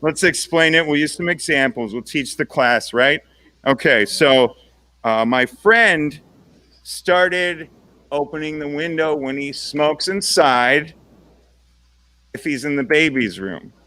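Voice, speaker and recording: A man's voice: fairly high pitch, slow pace, sharp tone, dry recording. A young man performing a stand-up comedy set, casual and self-deprecating, checking in with the crowd with "right?" after his jokes. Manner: conversational, self-deprecating punchlines with tag-on "right?".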